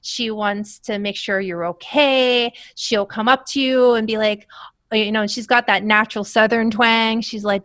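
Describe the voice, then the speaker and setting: A woman actress, a guest in a casual interview, telling lively anecdotes and laughing as she talks. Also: on the high side, normal speed, no echo, studio quality. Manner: animated storyteller, laughs while telling anecdotes.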